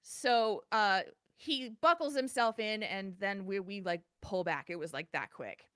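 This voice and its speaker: A woman co-hosting a podcast, telling a personal story in a casual, animated way with many restarts. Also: mid-range voice, unhurried, smooth, no room sound, studio quality. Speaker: podcast co-host.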